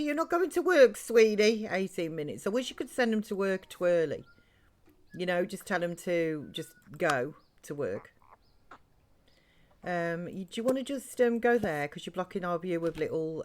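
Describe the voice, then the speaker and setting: A woman chatting her way through a live-streamed life-sim game, rambling between the game and her viewers. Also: on the low side. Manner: chatty, rambling, talks to chat and game characters. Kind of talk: live-stream gameplay chat.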